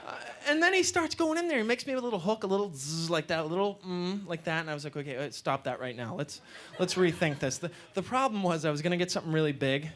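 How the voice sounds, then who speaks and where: A male stand-up comedian performing a live set, telling stories with an animated delivery and deadpan asides, on a club stage with a handheld mic. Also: sits high, quick pace, hardly any pauses. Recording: live club with audience laughter and room noise.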